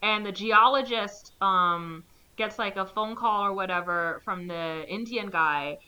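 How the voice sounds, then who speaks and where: A woman's voice: medium pitch, measured pace, sharp tone. A young woman casually recapping a movie plot, rambling with lots of "like" and acting out the characters' lines.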